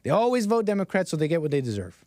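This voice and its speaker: A man's voice: a little high, big pitch swings, rapid-fire, heavy background noise. A man hosting a casual commentary stream, rambling with frequent restarts and laughing at his own asides. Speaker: host.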